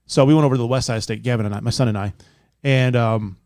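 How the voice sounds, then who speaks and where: A man's voice: medium pitch, fast talker, a little mellow, no room sound, clean studio sound. A man co-hosting a podcast, teasing his friends in casual chat. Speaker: podcast co-host.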